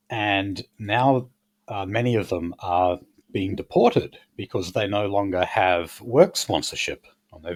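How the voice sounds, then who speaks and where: A man's voice: fairly low pitch, a little mellow. A man hosting a casual political chat, blunt and crude, rambling with many fillers. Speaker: podcast host.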